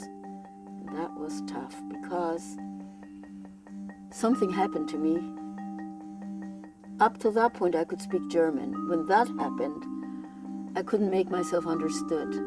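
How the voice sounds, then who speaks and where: A woman in her eighties, born in Europe, giving personal testimony in an earnest, halting way, often repeating and restarting words. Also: on the low side, vocal fry. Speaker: Holocaust survivor giving testimony. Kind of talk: personal testimony, recalled aloud. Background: soft instrumental music.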